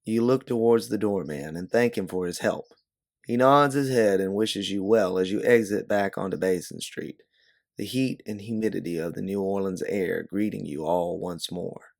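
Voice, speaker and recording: A man narrating a second-person audiobook story in a steady, measured way. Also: low voice, creaky, dry recording, studio quality.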